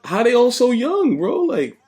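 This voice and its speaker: A man's voice: very high-pitched, huge pitch swings, a little slow, a little mellow. A man hosting a podcast, joking and reacting animatedly in profane casual chat. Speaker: podcast host.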